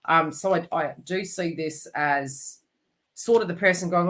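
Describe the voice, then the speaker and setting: Low-voiced woman giving a psychic reading. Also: measured pace, a bit bright. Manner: rambling and emotive, many fillers and restarts. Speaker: psychic tarot reader. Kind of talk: live online psychic reading.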